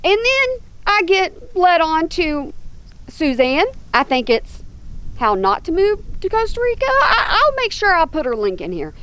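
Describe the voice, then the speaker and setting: A woman's voice: extremely high pitch, very animated, a bit bright. A woman hosting a casual commentary channel, chatting to camera outdoors and drifting off to talk to her animals. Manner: chatty, drawn-out, talks to her animals between points. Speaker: YouTube commentary host.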